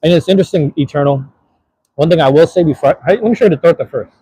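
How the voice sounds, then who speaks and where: A man's voice: fairly high pitch, rapid-fire, warm tone, husky, dry recording. A man chatting casually to his live-stream audience while eating, laid-back and slangy, talking to viewers in the chat.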